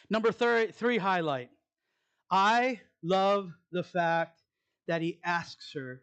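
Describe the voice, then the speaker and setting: A man preaching a conversational sermon as pastor, asking the congregation questions and dropping into soft asides. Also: high voice, slow pace, smooth. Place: church sanctuary.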